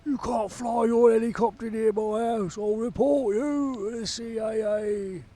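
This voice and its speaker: A man's voice: very high voice, fairly even intonation, a little slow, warm tone, pitched above the performer's own voice. A man putting on a mocking impression of a complaining local male taxi driver, drawling and whiny.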